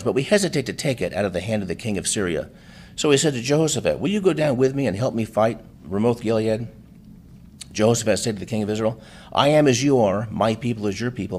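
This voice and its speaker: A man's voice: lowish voice, darkish tone, a little hiss or hum. A man preaching a sermon, reading scripture aloud with frequent restarts and adding plain-spoken asides. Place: church.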